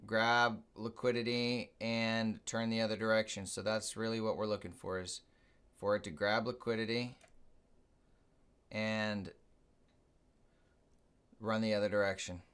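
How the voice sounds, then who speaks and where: A man's voice: fairly low pitch, flat delivery, unhurried, pauses often, a bit bright, clean tone. A man hosting a live trading stream, casually thinking aloud and explaining his moves as he watches the charts.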